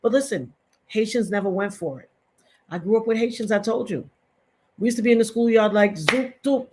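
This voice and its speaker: A woman's voice: mid-range voice, fairly quick, a little mellow. A middle-aged woman giving impassioned, emphatic live-stream commentary to her chat, repeating points for stress.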